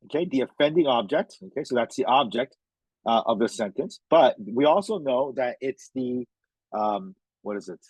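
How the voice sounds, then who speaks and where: Husky-voiced male tutor, casual and chatty. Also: mid-range voice, lively intonation, normal speed, a little mellow, no echo, rough recording. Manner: casual, checks in with "okay?" and "right?" constantly. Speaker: test prep tutor. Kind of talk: explaining a reading lesson.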